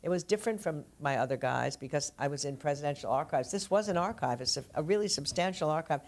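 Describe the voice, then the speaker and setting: A woman's voice: low voice, lively intonation, quick pace, darkish tone. An older woman, an author being interviewed, who tells stories fluently in conversation and laughs easily. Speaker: author guest.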